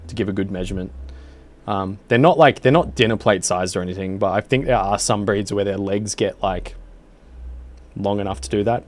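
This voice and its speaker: A man streaming a game, chatting casually in a laid-back, hesitant, mumbling way. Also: fairly low pitch. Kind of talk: casual gameplay commentary.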